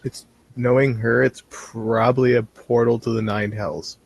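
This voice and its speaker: A man's voice: mid-range voice, little pitch movement, measured pace, vocal fry, husky, no room sound, poor audio. Male player at a tabletop game: casual, dry, a little hesitant.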